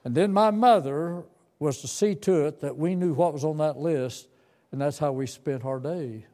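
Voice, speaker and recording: A man's voice: fairly high pitch, moderate pace, mellow. A man in his seventies telling a tender, folksy story from his boyhood as part of a sermon. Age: 70s. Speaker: preacher.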